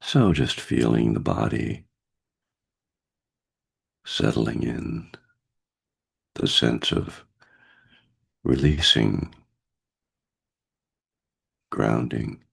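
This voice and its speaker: A man with a cold leading a guided meditation over a video call, speaking gently with pauses and fillers. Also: very deep voice, gravelly, slightly rough. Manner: slow, gentle, pausing guidance with fillers. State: has a cold, husky voice. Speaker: meditation teacher.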